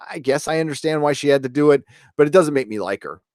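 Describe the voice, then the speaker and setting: Relaxed, rambling man on a dry mic. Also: on the high side, fast talker, no room sound. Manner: rambling and relaxed, many fillers and restarts. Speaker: live show host reviewing a TV episode. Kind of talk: casual live-stream chat, reading viewer comments.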